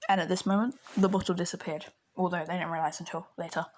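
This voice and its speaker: A woman's voice: lowish voice, steady tone, fast, darkish tone, slight background noise. Rambling woman telling a fan story. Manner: rambling, many fillers and restarts. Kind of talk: casual fan fiction storytelling.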